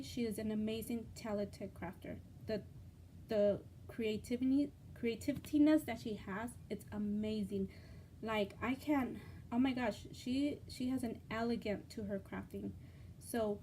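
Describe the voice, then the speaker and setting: A woman hosting a casual craft unboxing vlog, gushing and excitable, with lots of fillers and repeated words. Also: a little high, measured pace, a little hiss or hum. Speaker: craft channel host.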